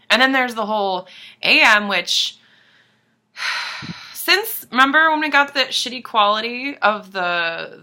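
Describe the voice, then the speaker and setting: A woman's voice: mid-range voice, pushed and bright. A young woman vlogger chatting casually to camera, rambling and swearing, apologizing and dropping into asides. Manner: rambling, profane, self-deprecating, drops into whispers.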